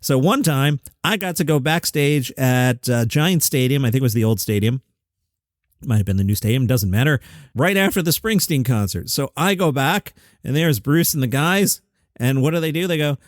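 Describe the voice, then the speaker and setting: A man's voice: mid-range voice, expressive, moderate pace, no echo, clean studio sound. A man hosting a comedy news show, recapping headlines in a casual, wry way with joking side comments. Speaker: comedy news podcast host.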